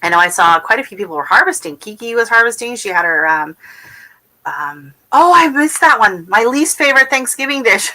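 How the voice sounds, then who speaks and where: A woman's voice: on the high side, expressive, a little fast, bright, forceful tone. A woman hosting a casual gardening livestream, chatting in a rambling way with many fillers and restarts while she answers viewers. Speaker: gardening channel host. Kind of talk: casual livestream chat, reading viewer comments. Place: at home.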